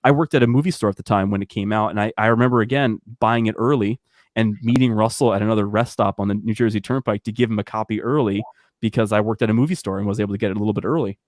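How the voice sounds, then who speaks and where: A man's voice: lowish voice, rapid-fire, dry recording, studio quality. A man on a video call, chatting casually and telling fan stories with many restarts. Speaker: guest. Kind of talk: casual chat.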